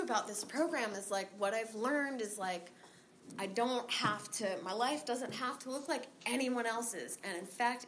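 A woman telling her recovery story in a candid, rambling way, swearing freely, laughing often and filling pauses with um and like. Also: on the high side, slight background noise. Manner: rambling with many fillers. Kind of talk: casual spoken recovery story.

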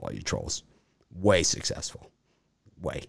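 A man with a lowish voice, recorded dry and close, as he talks through a casual show segment. He rambles with lots of fillers and tends to boast. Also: lively intonation, normal speed, no echo. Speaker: sports betting show host. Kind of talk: casual chat.

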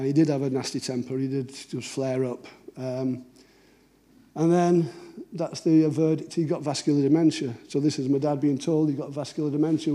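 Middle-aged man, mellow voice. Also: fairly high pitch. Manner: conversational, anecdotal, acts out dialogue. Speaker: cartoonist giving a talk. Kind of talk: storytelling talk.

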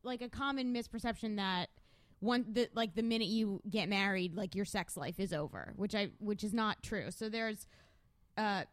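A woman's voice: medium pitch, moderate pace, no room sound. A woman on a panel presenting research, frank and chatty, often restarting her sentences. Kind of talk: casual chat.

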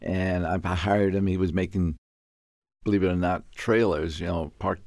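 An older man from Puerto Rico, telling a business story in an interview, acting out the dialogue with sudden high outbursts. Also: steady tone, moderate pace, a little mellow, no echo, studio quality. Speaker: guest.

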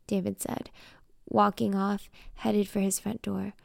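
A young adult woman narrates a first-person audio drama with a sassy, spoiled edge. Her voice has a gravelly texture, and the recording sounds dry and close. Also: mid-range voice, flat delivery, a little slow, no room sound. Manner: sassy, spoiled-brat attitude in dialogue.

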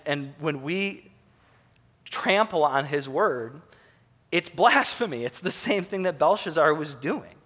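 A man's voice: on the high side, a bit bright, in a large hall. A man preaching a sermon in a conversational way, with fillers and asides as he works through a passage.

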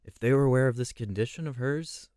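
A man's voice: medium pitch, fast, darkish tone, dry recording, studio quality. A man leading a conversational Bible study, reflective and posing rhetorical questions.

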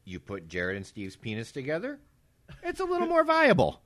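A man's voice: medium pitch, wildly swooping pitch, moderate pace, a bit bright, dry recording. A man co-hosting a podcast, ranting and swearing in casual comedy chat. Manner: ranting, profane. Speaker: podcast co-host.

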